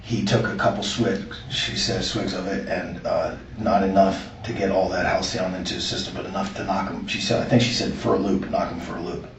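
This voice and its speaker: A man being interviewed, giving an earnest, halting account of a conversation he recorded. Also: sits low, fairly even intonation, slight background noise. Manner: earnest, halting retelling with restarts. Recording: echoey room, far from the mic, muffled.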